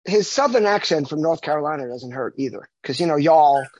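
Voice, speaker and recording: A man's voice: fairly high pitch, a little fast, no echo. A man from the United States, a marketing consultant, talking animatedly as a guest in a casual interview, often restarting his sentences. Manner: animated, repeats words when restarting. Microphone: video call. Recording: dull lo-fi video call audio.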